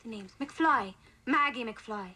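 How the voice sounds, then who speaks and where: A woman's voice: on the high side, slow. An actress playing a kindly but stern young Irish farm wife and mother, speaking in a lilting, firm way, heard in a film clip with background noise. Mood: soothing.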